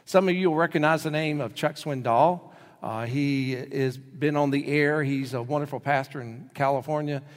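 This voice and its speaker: A man's voice: a little high, normal speed. A male pastor preaching a sermon, telling stories and acting out the quoted voices in them. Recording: long hall reverb.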